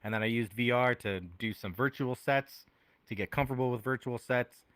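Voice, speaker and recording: Young male podcast guest, bright and lively, animated storyteller, dry close sound. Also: moderate pace, no room sound. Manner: animated storyteller, acts out quotes with big pitch jumps. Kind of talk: casual chat. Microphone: headphones on.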